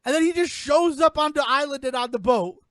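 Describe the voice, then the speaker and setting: High-voiced man recapping a film. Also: brisk, no room sound. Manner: animated storyteller, acts out characters in lowered voices. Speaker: podcast host recapping a film. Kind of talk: casual comedic film recap.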